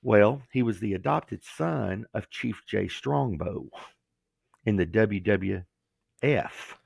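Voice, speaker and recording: Guy, real gravelly and a bit husky, telling stories with lots of voices, dry close sound. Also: on the low side, slow, no room sound. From Georgia, USA. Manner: animated storyteller who acts out quoted voices. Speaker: guest, former pro wrestler. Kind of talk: storytelling interview.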